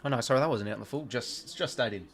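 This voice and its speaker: A man's voice: medium pitch, rapid-fire. A young Australian man giving casual live commentary on a football game, chatty and rambling, with self-deprecating asides to his viewers. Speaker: live watch-along commentator.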